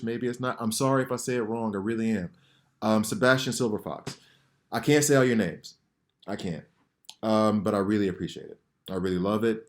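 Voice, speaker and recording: A man hosting a gaming channel, talking in an earnest, rambling way with many fillers and restarts as he gives a heartfelt personal message, emotional at times. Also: lowish voice. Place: home, sirens heard outside.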